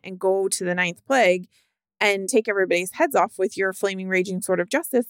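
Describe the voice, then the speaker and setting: A woman's voice: mid-range voice, a little fast, clean tone, dry recording, studio quality. A woman co-hosting a podcast who talks casually and emphatically, with colorful turns of phrase. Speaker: podcast co-host. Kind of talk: casual advice chat.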